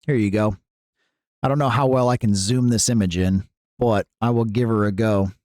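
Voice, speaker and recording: A man's voice: fairly low pitch, steady tone, moderate pace, darkish tone, no echo, clean studio sound. A man hosting a live stream, chatting casually with viewers in a playful, jokey way and often laughing.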